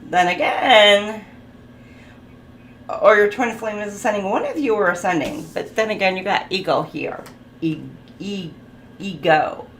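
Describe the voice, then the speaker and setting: This tarot reader's mid-range, slightly bright voice moves unhurriedly, with long pauses. She keeps the reading casual and chatty, laughs often, and lists keywords for each card, recorded in a roomy space with faint background noise.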